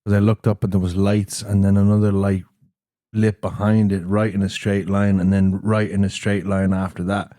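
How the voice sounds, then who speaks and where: An Irish man with an Americanized lilt talks in a slow, measured way. His voice is very deep and mellow. The sound is dry and close, with no room echo. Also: level tone. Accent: Irish, softened by years in America. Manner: measured, deliberately slowed speech. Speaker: podcast host. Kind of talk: casual chat.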